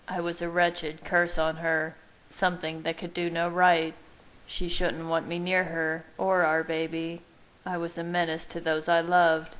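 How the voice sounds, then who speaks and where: A woman calmly narrating a fan-fiction romance story in a soft, measured way. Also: low voice, clear, resonant tone, low-quality recording. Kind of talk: audiobook-style story narration.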